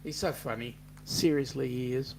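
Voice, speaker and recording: A man's voice: medium pitch, steady tone, moderate pace, vocal fry, a little mellow, a little hiss or hum. A middle-aged Australian man hosting a casual livestream, joking and reading viewer comments aloud. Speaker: host.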